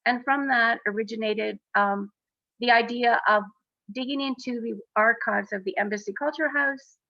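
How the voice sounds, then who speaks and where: Earnest woman talking on a panel, kinda high voice, muffled lo-fi call audio. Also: gravelly, no echo. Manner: earnest, halting, with many fillers. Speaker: exhibition co-founder. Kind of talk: speaking on a panel. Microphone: video call.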